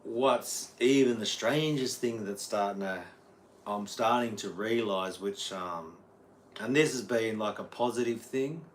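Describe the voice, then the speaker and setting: A man's voice: on the low side, measured pace, a little hiss or hum. An Australian man, a guitar teacher, rambling casually on a livestream and answering viewers' chat. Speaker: guitar teacher streaming live.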